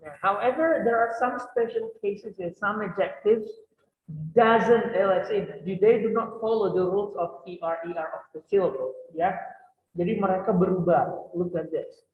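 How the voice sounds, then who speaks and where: A male teacher with a high voice gives a classroom explanation at a moderate pace, switching between English and Indonesian and asking students questions. The sound is an echoey hall heard over a tinny line.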